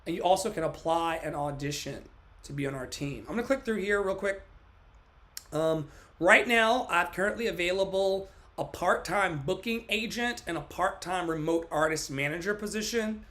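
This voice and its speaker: Bright-voiced man reciting with drama. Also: fairly high pitch, brisk. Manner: dramatic, emphatic poetry recitation mixed with joking asides. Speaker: life coach and livestream host. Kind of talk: livestream motivational talk and poetry reading.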